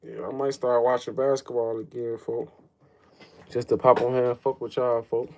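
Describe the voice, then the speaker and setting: A man's voice: medium pitch, flat delivery, moderate pace, warm tone. A young man hosting a casual livestream, rambling in slangy, profane talk, calling everyone folks and answering chat questions. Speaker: livestream host.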